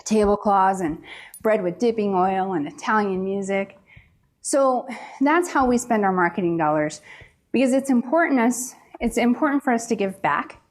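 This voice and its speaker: A woman's voice: medium pitch, animated, moderate pace. A woman from the East Coast who owns a pizzeria, telling her story in a candid, salty way at a conference seminar. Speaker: pizzeria owner giving a seminar talk. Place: large conference room.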